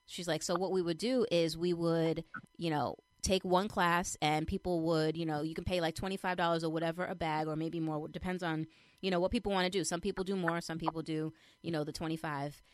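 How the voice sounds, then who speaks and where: A young adult woman chatting casually as she shares a personal update, retelling things in an animated way with lots of fillers. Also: fairly low pitch, fairly quick, no echo. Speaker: vlogger sharing a personal update. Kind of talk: casual chat.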